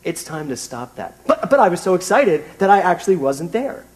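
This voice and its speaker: A British man in his late fifties delivers a sermon in a chatty, self-mocking way, often restarting his sentences. His voice sits high for a man. He speaks as a minister to his congregation. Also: big pitch swings, a little fast. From Britain. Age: 50s. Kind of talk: sermon with personal anecdote.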